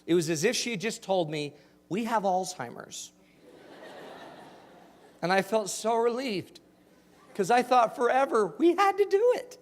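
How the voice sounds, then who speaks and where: Upbeat male keynote speaker in his forties, fairly high voice, full of asides and crowd questions, heard in a reverberant hall. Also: unhurried, pauses often. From Utah. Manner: animated, jokey, asks the audience questions. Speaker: motivational speaker. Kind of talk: storytelling keynote talk.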